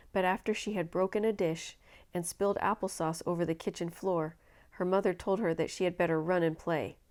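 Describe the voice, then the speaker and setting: Woman storyteller, lower voice, expressive dramatic read-aloud of a children's novel.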